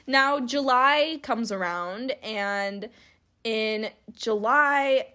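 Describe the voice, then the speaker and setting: A woman's voice: fairly high pitch, slow pace, sharp tone. Young woman telling a candid storytime. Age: young adult. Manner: candid, emotional, laughs while telling. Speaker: vlogger. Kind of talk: personal storytime.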